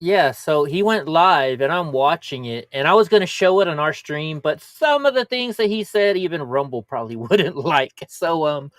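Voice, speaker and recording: A man's voice: a little high, expressive, normal speed, few pauses, a bit bright, no echo. Profane rambling storyteller man, dry sound. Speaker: livestream co-host. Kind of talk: casual livestream chat. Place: lives in California.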